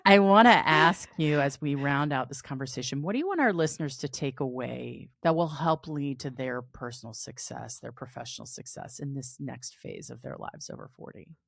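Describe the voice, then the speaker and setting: A woman's voice: very deep voice, lively intonation, moderate pace, vocal fry, few pauses, dry recording, studio quality. A woman in her forties hosting a podcast, reflective and asking open questions. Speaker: podcast host. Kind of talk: casual interview chat.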